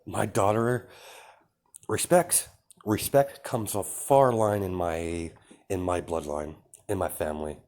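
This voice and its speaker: A man voicing a proud female vampire princess who is a stern mother, delivering improvised lines with hesitant pauses and fillers. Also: low voice, steady tone, a little mellow.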